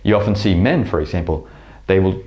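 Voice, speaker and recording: Man, very low voice, reflective spiritual lecture, pauses and restarts. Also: a little mellow. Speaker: spiritual teacher. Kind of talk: spoken lecture to camera.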